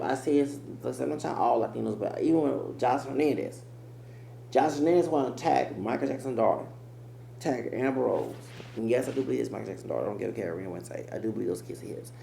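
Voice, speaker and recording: Gravelly-voiced man ranting on camera. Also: mid-range voice, brisk, dark tone. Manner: rambling, emphatic. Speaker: commentator. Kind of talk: reaction commentary. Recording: echoey room with faint hum.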